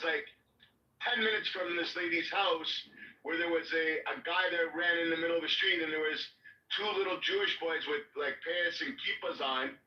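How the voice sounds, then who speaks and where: Profane, rambling man telling a story. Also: fairly high pitch. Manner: profane, animated, rambling with many fillers. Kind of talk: casual storytelling. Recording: echoey room, distant mic, dull sound.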